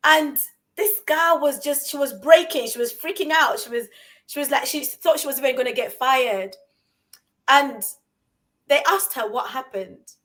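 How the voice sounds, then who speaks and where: A woman co-hosting a conversation, telling a story in an animated way and asking rhetorical questions. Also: high voice, measured pace. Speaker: co-host.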